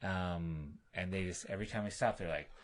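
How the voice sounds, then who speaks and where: Deep-voiced male podcast guest, relaxed anecdotal storyteller, acts out quotes. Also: moderate pace. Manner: animated, laughing, acts out quotes in other voices. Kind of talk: casual storytelling.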